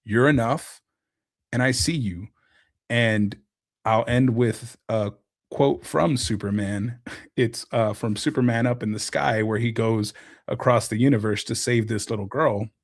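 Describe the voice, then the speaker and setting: A man's voice: medium pitch, unhurried, no echo, clean studio sound. A man, a podcast guest, talking in an earnest and heartfelt way in casual conversation. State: emotional, close to tears. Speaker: podcast guest, content creator.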